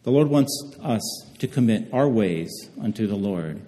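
A man preaching a sermon, reading scripture slowly and measuredly, often pausing and restarting phrases. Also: fairly low pitch, expressive, mellow. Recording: reverberant hall.

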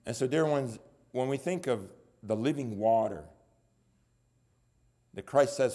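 A man preaching a sermon, dropping to low murmurs and then rising into loud appeals. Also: measured pace, long pauses.

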